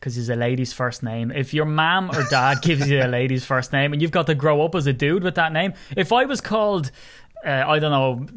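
A man's voice: on the high side, fairly quick, a bit bright. A young man with an Irish accent hosting a casual sports podcast, joking and swearing freely. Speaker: podcast host. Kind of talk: casual chat.

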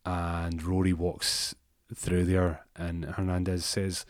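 A man's voice: low-pitched, completely flat delivery, slow, no echo, clean studio sound. A man telling a comic story casually, rambling with restarts and asides.

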